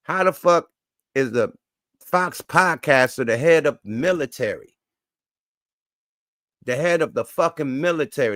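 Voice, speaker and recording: A man's voice: a little high, fairly bright tone, no room sound, studio quality. A man hosting a show, reacting to clips with loose, profane, emphatic commentary and catchphrases. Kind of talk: casual commentary.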